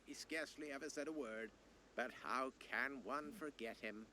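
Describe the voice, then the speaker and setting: A man's voice: medium pitch, normal speed, sharp tone, a little hiss or hum, close to an everyday voice. A man voicing a fussy, disapproving old university rector in a video game. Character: stuffy old male university rector, fretful.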